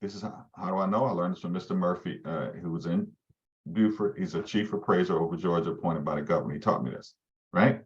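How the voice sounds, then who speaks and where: A low-voiced real estate team leader talks fast while running a live training for agents and firing questions at them. The sound is lo-fi.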